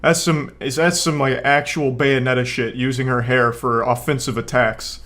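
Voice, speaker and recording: A young man talks in a dry, deadpan way, sarcastic and unhurried, with casual swearing mixed in. His voice sits at an ordinary middle pitch for a man. He rambles through fillers as he comments on a clip. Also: background noise. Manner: relaxed, unhurried storytelling with frequent fillers. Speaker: YouTube commentator.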